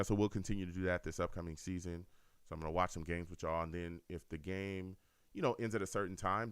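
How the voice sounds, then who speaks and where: A man's voice: sits low, clear, resonant tone, no echo. A man hosting a fan call-in radio show, talking casually and repeating himself as he speaks straight to listeners. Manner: animated, repetitive, addresses listeners directly.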